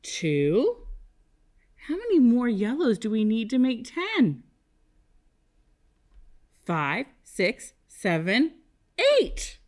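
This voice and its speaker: Casting: woman kindergarten teacher, very animated pitch, slow deliberate pacing, sing-song repeat-after-me delivery. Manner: slow, sing-song call-and-response with young children. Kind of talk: televised classroom lesson.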